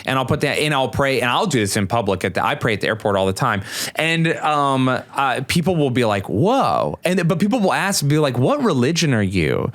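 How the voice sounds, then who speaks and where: A man, a stand-up comic, talking in a casual podcast conversation, animated and leaping up in pitch when he mimics people. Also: brisk.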